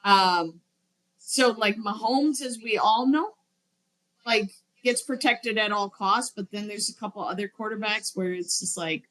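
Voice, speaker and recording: Woman cohost on a sports podcast, bright voice, chatty, lots of ums while she thinks. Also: medium pitch, measured pace, low-quality recording. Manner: chatty, thinks aloud with fillers. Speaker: podcast co-host. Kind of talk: casual sports chat.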